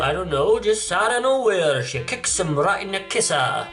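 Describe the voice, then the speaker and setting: A man's voice: high voice, very animated, normal speed, few pauses, fairly bright tone, soft background music. A young man reading a comic book aloud with sarcastic, jokey asides. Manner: sarcastic, jokey asides, switches between mock voices. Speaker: comic reader and commentator.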